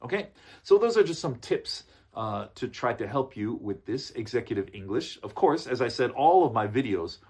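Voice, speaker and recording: A man's voice: mid-range voice, very animated, normal speed, darkish tone, husky. A man coaching business English in an online lesson, emphatic and repetitive, often checking in with "okay?" and using "uh" and "you know" as fillers. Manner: emphatic, repeats key phrases, frequent "okay?" check-ins.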